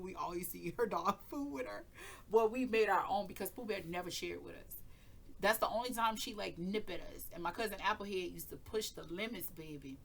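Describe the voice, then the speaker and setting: A woman's voice: fairly low pitch, a bit bright, slight background noise. A woman hosting her channel, telling a rambling personal story in casual chat, laughing often and cursing freely. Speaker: tarot reading channel host.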